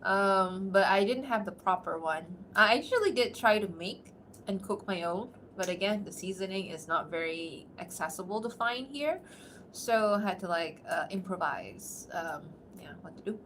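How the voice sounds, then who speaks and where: Casting: a friendly woman voice actor talking to her stream between takes, with frequent laughs and an average pitch. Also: normal speed, a bit bright, a little hiss or hum. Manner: chatty, laughs often, self-deprecating. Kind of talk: casual livestream chat between takes.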